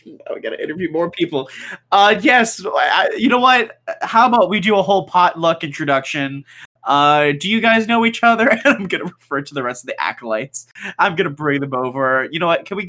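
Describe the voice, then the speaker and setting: A player improvising in character during a tabletop game, flustered and halting. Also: mid-range voice, lively intonation, bright, forceful tone.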